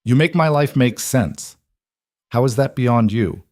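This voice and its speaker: A man's voice: mid-range voice, animated, measured pace, darkish tone, no echo, studio quality, voice pushed up, close to an everyday voice. A man playing a smitten, earnest boss. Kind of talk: audiobook romance narration.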